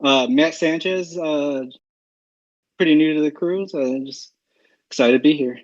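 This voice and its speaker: A man who is a podcast guest over a video call, speaking in a slightly halting, shy way. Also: on the high side, no echo, lo-fi sound. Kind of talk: casual chat.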